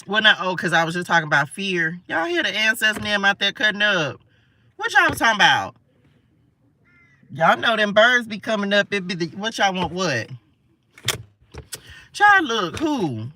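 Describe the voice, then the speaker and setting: A woman reads tarot live in a very bright, sharp voice. She chats playfully with her viewers and laughs easily. She sits a little distant from the mic. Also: medium pitch, very animated, normal speed, long pauses. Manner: chatty and playful, talks to viewers as y'all; laughs often, asides to spirits. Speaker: spiritual tarot reader. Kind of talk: live tarot card reading. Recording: voice a bit far from the mic.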